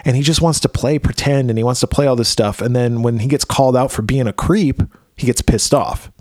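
Speaking briskly in a mid-range, darkish voice, this podcast co-host chats his way through a film recap, quick to laugh and swear. The close-miked recording has no echo.

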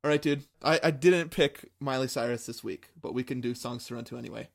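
A man with a mid-range, gravelly voice co-hosts a casual podcast. He slips in dry, deadpan jokes during the chat, keeping his tone offhand. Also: mid-range voice, fairly quick. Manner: dry, joking asides. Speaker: podcast co-host.

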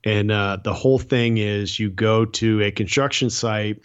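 A man's voice: on the low side, a little slow, clean tone, highs cut off. A man co-hosting a casual chat podcast, telling stories and acting out quoted lines. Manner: animated storyteller, acts out quotes. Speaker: podcast co-host. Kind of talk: casual chat recapping a TV show.

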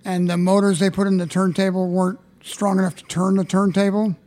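A man's voice: flat delivery, brisk, a little mellow. A man, a theatre stage manager, telling backstage stories in a dry, understated way as a guest on an interview show. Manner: dry, understated, low-key. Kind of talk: casual interview storytelling.

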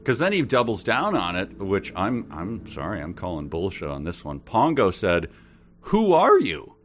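A man co-hosting a podcast, chatting in an animated, incredulous, jokey way. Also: sits low, moderate pace. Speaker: podcast co-host. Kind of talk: casual chat.

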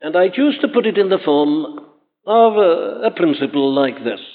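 Man preaching, earnest and emphatic, higher voice, sounds tinny like an old phone. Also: big pitch swings, moderate pace. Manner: earnest, emphatic, rising to exclamations. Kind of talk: sermon. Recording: tinny phone-like old hall recording with long reverb.

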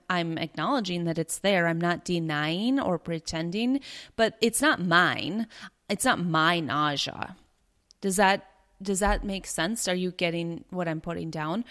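A young adult woman talks through her ideas as a podcast host, in a relaxed and earnest monologue. Her voice sits a little low for a woman, and she often repeats a phrase to press a point. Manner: earnest, conversational, repeats herself for emphasis. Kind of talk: casual teaching monologue.

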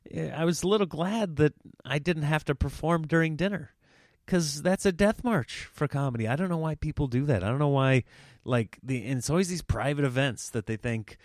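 A man's voice: a little high, dry recording, studio quality. A man hosting a casual solo podcast, telling comic stories and breaking into exaggerated voices for quoted people. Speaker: comedian podcast host.

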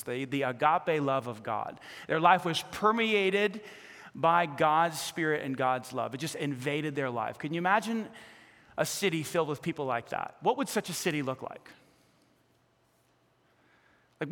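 A male pastor preaching a sermon with animated delivery, acting out the voices of people in the stories he tells. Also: on the high side, in a large hall. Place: church sanctuary.

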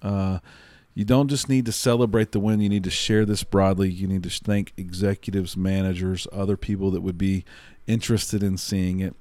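A man's voice: deep voice, little pitch movement, moderate pace, darkish tone. A man co-hosting a podcast, giving punchy, motivational tips and repeating catchphrases. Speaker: podcast co-host. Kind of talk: casual podcast chat.

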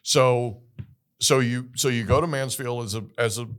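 A middle-aged man hosting an interview, telling a lively story and acting out the dialogue. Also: medium pitch, moderate pace. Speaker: podcast host.

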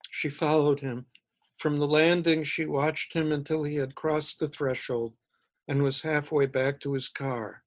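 A male author reading his own short story aloud in a measured, even way. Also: on the high side.

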